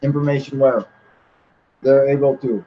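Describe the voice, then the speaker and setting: A man's voice: medium pitch, fairly even intonation, normal speed. A man hosting a livestream in casual chat, reading viewer comments aloud, loose and profane, laughing often. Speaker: livestream host. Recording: muffled lo-fi stream audio.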